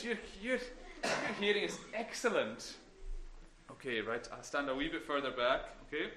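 A man with a high, light voice leads a children's talk in church. He is playful and encouraging, and at times sinks into a hush. He speaks into a microphone. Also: lively intonation, moderate pace. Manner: playful, encouraging, drops to whispers. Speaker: minister giving a children's talk.

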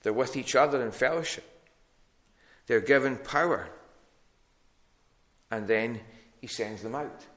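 Guy preaching a sermon, bright voice, middle pitch, keeps restarting his sentences. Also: measured pace, long pauses. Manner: plain teaching tone with frequent ums and restarts.

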